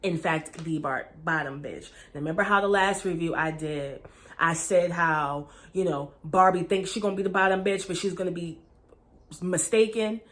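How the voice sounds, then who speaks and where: A woman's voice: on the low side, moderate pace, a bit bright. A woman recapping a reality show in a chatty, gossipy, profane way, filming herself at home on a camera. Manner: chatty, gossipy, profane, lots of "you know". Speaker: TV show reviewer. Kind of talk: casual recap vlog. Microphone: camera mic.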